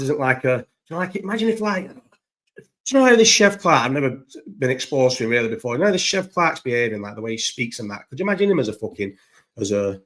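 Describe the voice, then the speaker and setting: A man's voice: mid-range voice, a bit bright. A young man talking loosely at home in a casual vlog, swearing often and restarting his sentences. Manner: swears casually, many restarts and trailing thoughts. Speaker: vlogger. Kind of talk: casual rambling vlog chat. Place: at home, indoors. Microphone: own recording setup, maybe not through the microphone.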